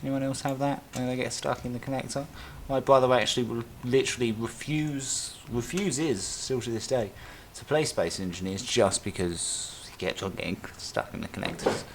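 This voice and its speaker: A medium-pitched male voice chats at normal speed with hardly any pauses, and there's slight background noise. He's live-streaming a game, narrating his thoughts as he builds, with lots of self-talk and minor tangents.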